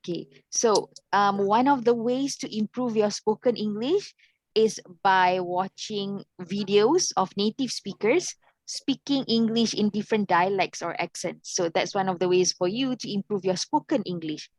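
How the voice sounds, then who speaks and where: A woman's voice: mid-range voice, moderate pace, no room sound, poor audio. A young adult woman teaching an adult English class, patiently asking questions and checking that her students follow.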